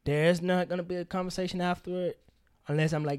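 Guy on a podcast, kinda high voice, animated and emphatic, swears a lot. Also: quick pace, clear, resonant tone. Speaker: podcast co-host. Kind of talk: candid casual chat.

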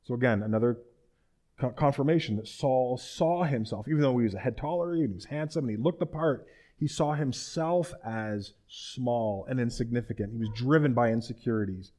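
A man's voice: mid-range voice, moderate pace, warm tone. A man preaching a casual, conversational sermon, retelling a scripture story and asking his listeners rhetorical questions.

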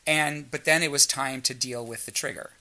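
A man's voice: mid-range voice, fairly even intonation, normal speed, bright, forceful tone. A man telling a frank story in casual chat and acting out the dialogue as he goes. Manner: storytelling, acts out quoted dialogue.

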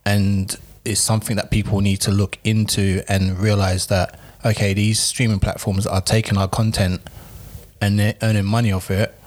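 A man talks on a podcast, his voice sitting a little low. He weighs his points carefully and gives his views one by one. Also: level tone, a little mellow. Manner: thoughtful, measured opinions. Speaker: podcast co-host. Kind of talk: casual podcast chat.

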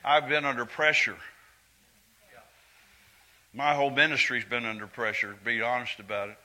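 Older man preaching, bright voice. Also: mid-range voice, steady tone, moderate pace, low-quality recording. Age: 70s. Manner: earnest and conversational, swinging from quiet confiding to loud emphatic lines. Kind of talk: sermon.

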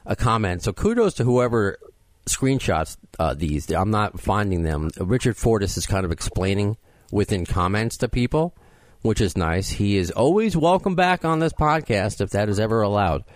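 A podcast host, chatting casually and poking fun at himself, with frequent restarts. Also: male voice, fairly low pitch, animated, normal speed, dry recording. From Queens, New York. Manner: self-deprecating, rambling with restarts.

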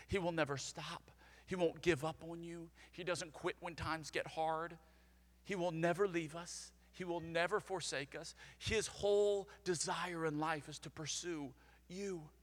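Bright-voiced pastor, echoing hall. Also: male voice, fairly high pitch. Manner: energetic, conversational, leads call-and-response. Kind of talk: sermon.

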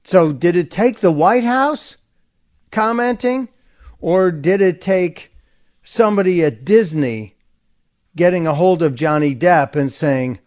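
A man's voice: high-pitched, slow pace, a little mellow. A man hosting a talk radio show, giving an opinionated, sarcastic monologue and mocking the people he quotes.

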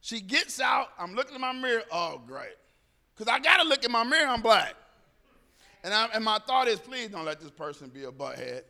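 A man speaking to a group, telling a personal story in an animated way and acting out the dialogue. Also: very high-pitched, in a large hall.

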